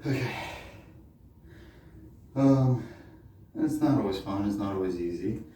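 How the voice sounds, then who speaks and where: A man's voice: on the low side, animated, unhurried, warm tone, slight background noise. A man talking casually to camera during a home workout, out of breath, with lots of fillers as he thinks aloud. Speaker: vlogger doing a home workout. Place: room at home. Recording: very echoey room, mic far off.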